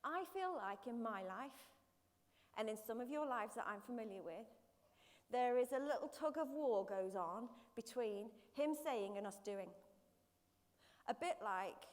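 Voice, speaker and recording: A woman gives a lively sermon in church, her voice high and bright. Her words ring out with the long reverb of a large hall, caught on a live stream. She breaks into quick everyday voices to make her points. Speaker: preacher.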